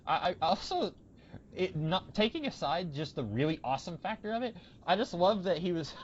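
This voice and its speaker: A man's voice: high voice, sing-song, moderate pace, a little hiss or hum. A young man hosting a podcast, chatting casually and rambling with many restarts. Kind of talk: casual chat. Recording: dull lo-fi podcast audio.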